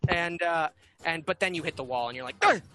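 A man's voice: a little high, a little fast, pushed and bright, smooth. A man running a tabletop game as game master, easygoing, with a rambling manner and many fillers.

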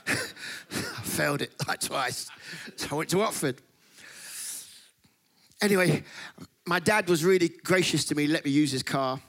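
A man's voice: fairly high pitch, a little slow, long pauses. A middle-aged man preaching a sermon, telling stories with laughter and acting out the voices of the people in them. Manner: animated, laughs often, acts out voices in stories. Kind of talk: sermon with comic storytelling.

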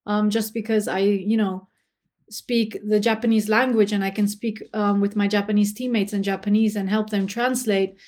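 A woman's voice: medium pitch, little pitch movement, moderate pace, a little mellow. A young woman from Germany, a former footballer, telling her experiences in a casual interview, chatty with many fillers. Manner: chatty, many fillers, laughs between phrases.

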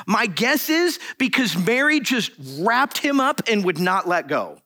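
Male pastor, high and animated, casual sermon delivery with asides. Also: a little slow, hardly any pauses. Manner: animated, conversational preaching with asides and laughs.

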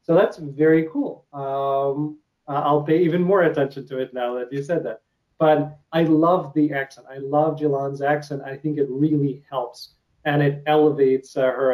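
A man's voice: mid-range voice, lo-fi sound. A man from Ukraine with a Ukrainian accent, Russian his first language, interviewing an actor in a hesitant, filler-heavy casual chat. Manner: hesitant, many filler sounds and restarts.

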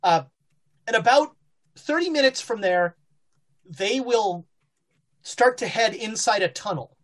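A woman narrating a horror tabletop game as game master, halting with fillers and restarts. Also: on the high side, lively intonation.

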